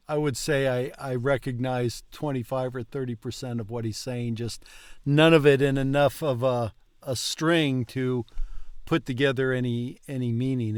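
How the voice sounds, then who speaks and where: A man's voice: mid-range voice, a little slow, smooth, no room sound, clean studio sound. A man learning a language, talking hesitantly with many fillers and restarts during a lesson. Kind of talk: casual lesson talk.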